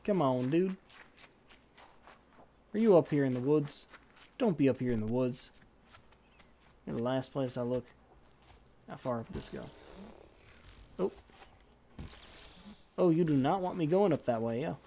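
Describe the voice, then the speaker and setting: A woman's voice: extremely low pitch, expressive, a little slow, pauses often, dark tone. A woman streaming a game live, talking to the characters in a made-up drawling accent with folksy slang, impatient and swearing. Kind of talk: live gameplay commentary.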